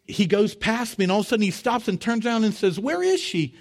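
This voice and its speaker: A middle-aged man preaching as a pastor, telling a story with animated, rising voices for the people in it. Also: fast. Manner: animated, rising to high excited voices when retelling dialogue. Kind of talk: sermon storytelling.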